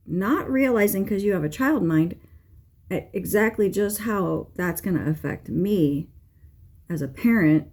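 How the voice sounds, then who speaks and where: Frank, blunt-talking woman with a mellow voice. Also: on the low side, expressive, unhurried. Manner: frank, swears freely, exasperated venting; rambling with fillers and restarts. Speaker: tarot reader. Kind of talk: casual chat.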